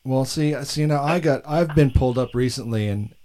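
A man's voice: mid-range voice, moderate pace, a little mellow. An American man hosting a casual chat show, joking and self-deprecating. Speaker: podcast host.

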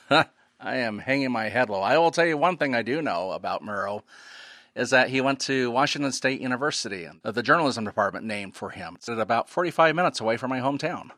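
A man's voice: mid-range voice, expressive, fairly quick, sharp tone, no room sound. A man chatting as a podcast guest, laughing easily and poking fun at himself. His voice sits in a middle register and sounds close and dry, with no room around it. He talks at an easy conversational clip. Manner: self-deprecating, laughs often. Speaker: podcast guest, radio journalist. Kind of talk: casual chat.

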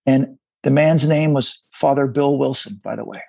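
This is a middle-aged man with a deeply gravelly, husky voice. He speaks in a dry, close sound. He tells his story in a halting, confessional way and briefly takes on the voices of the people in it. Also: a little mellow, no echo. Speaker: guest. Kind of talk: candid personal storytelling in a conversation.

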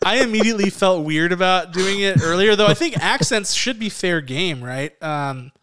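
A man's voice: sits high, expressive, moderate pace, a bit bright. A man in his thirties co-hosting a podcast in casual chat, chatty and self-deprecating, laughing often. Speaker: podcast co-host.

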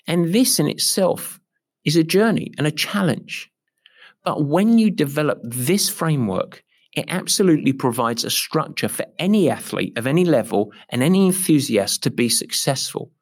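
A man's voice: on the high side, animated, normal speed. A middle-aged man, an endurance coach, explaining a training approach with emphatic, repetitive enthusiasm. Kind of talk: podcast-style coaching explanation.

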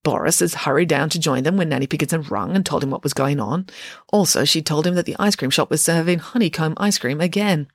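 A woman reading a children's storybook aloud with expressive, lively storytelling. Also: sits low, fast, no echo, studio quality. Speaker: narrator.

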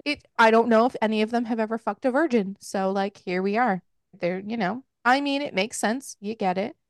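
A woman's voice: fairly high pitch, fairly quick, no echo, studio quality. A woman hosting a podcast, casually and frankly recapping a book with lots of filler words. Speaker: podcast host.

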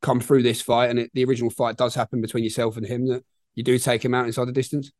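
A man's voice: mid-range voice, little pitch movement, darkish tone, no room sound. A man hosting a podcast, asking friendly, casual questions of a boxer. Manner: quick, friendly questioning, calls people mate. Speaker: podcast host, interviewer. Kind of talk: casual interview chat.

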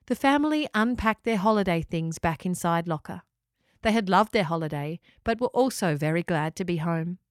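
A woman narrating a children's story and hosting her podcast in a calm, gentle way. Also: on the low side, moderate pace, dry recording, studio quality.

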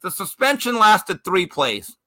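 Male sports show host, high lively voice, bright tone, storyteller. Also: unhurried. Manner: animated storyteller, restarts mid-sentence. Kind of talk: casual sports talk.

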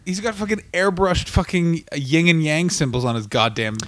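A man co-hosting a comedy podcast, bantering loudly and profanely with quick jokes. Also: on the high side, expressive, dry recording. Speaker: podcast co-host.

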